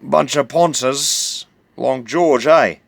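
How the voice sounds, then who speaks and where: A man's voice: medium pitch, slow pace, gravelly, dry recording. A man doing a blunt young Kiwi gang heavy. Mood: gruff. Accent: New Zealand. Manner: blunt, demanding. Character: brash burly young male gang member.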